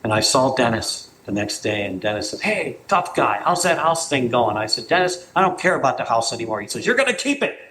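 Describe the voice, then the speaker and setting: A man's voice: mid-range voice, lively intonation, a little fast, few pauses, pushed and bright, slight background noise, rough recording. A middle-aged man sharing his recovery story at a meeting, telling it as a tale and acting out what others said. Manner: storytelling, acts out quotes of others. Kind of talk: personal testimony talk.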